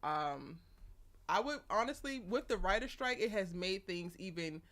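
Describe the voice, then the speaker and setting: A woman's voice: medium pitch, expressive, measured pace, fairly bright tone. A young woman hosting a casual live stream, chatty and laughing often as she greets viewers by name. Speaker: live show host.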